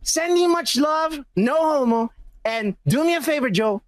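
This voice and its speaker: A man reading a viewer comment as a boastful male politician, in a slow deliberate way. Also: very high-pitched, animated, dry recording. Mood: mock-presidential.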